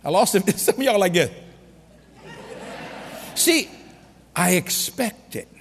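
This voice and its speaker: A man preaching a sermon, telling stories with humor and bursts of shouting. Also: high-pitched, slow, creaky, long reverb tail. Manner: animated storytelling with humor and sudden shouts.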